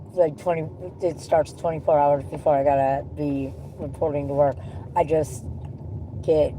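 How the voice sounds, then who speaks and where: A woman with a low voice rambles through a profane, frustrated vent to the camera. She talks from inside a car, and steady vehicle noise runs under her voice. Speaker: vlogger. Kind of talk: casual venting monologue.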